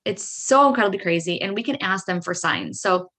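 A woman's voice: medium pitch, fairly quick. Chatty woman telling a spiritual story. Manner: chatty, says "like" and "right?" often; animated, acts out her own reactions. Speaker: podcast host. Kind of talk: personal storytelling monologue.

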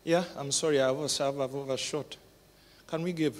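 A man's voice: medium pitch, steady tone, normal speed. A man pastor preaching a sermon, laughing often and growing tearful and emotional. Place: church hall. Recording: reverberant hall.

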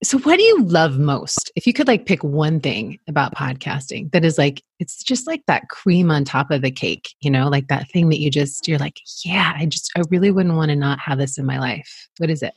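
A woman hosts a podcast interview and asks questions in an upbeat, chatty way. Her voice is low and husky, with a lively, moving pitch. The sound is dry and close. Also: moderate pace, few pauses, no echo. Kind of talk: casual interview chat.

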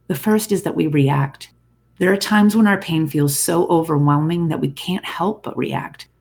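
A podcast host talks through a scripted self-help episode in a calm, reflective way, turning often to the listener. The voice has a gravelly fry to it. Its tone is husky rather than clean. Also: medium pitch.

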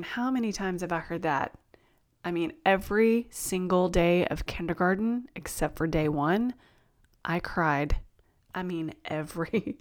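A woman hosting a solo podcast as an empath coach, talking in an earnest, encouraging way with small self-corrections. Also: mid-range voice. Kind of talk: casual solo podcast talk.

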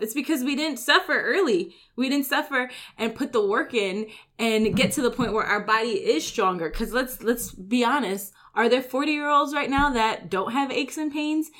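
A woman's voice: fairly high pitch, a bit bright. Chatty woman gym owner giving motivational talk. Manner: chatty, fills with "like" and "right?"; acts out everyday complaints in quick asides.

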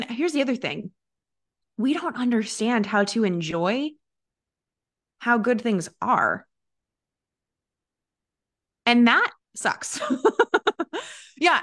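A woman business coach talking casually and warmly to her audience, laughing often and using many fillers and restarts. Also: a little high. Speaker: business coach and podcast host. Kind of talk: casual motivational talk to an audience.

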